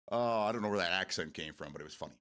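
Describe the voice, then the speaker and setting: A man's voice: deep voice, bright, forceful tone, clean tone. A man hosting a live stream, chatting casually with his viewers, swearing freely and drifting off on tangents. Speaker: livestream host.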